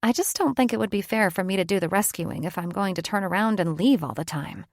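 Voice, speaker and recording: A woman narrating an audiobook in first person, her voice sitting at an ordinary middle pitch. She reads in a reflective, conversational way, close to the mic in a dry, dead room. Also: fast, no echo.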